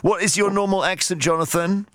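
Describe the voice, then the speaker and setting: A man hosting a radio chat show, lively and quick to interject with questions. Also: high-pitched, no echo. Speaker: radio presenter.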